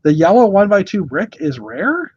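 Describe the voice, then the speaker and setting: A man's voice: high voice, big pitch swings, normal speed, a little mellow, slightly rough, no room sound. Hesitant man with muffled sound. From Canada. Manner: hesitant, many fillers. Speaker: podcast co-host. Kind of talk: casual chat.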